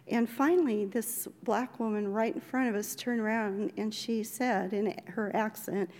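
An older woman from Oregon telling a personal memoir story in a gentle, reflective way, with light laughs. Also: a little high, fairly even intonation, moderate pace, few pauses, big-room sound. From Oregon, USA.

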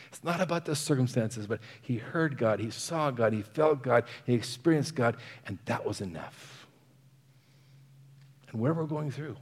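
A man's voice: mid-range voice, a little mellow, breathy edge, big-room sound. A man preaching a sermon, earnest, often letting phrases fall to a near whisper and chuckling between points.

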